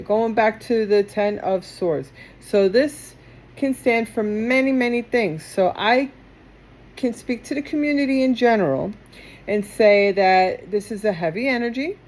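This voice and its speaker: A woman's voice: mid-range voice, darkish tone. A woman with a New York accent from Queens, giving a chatty, rambling tarot reading to camera. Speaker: tarot reader.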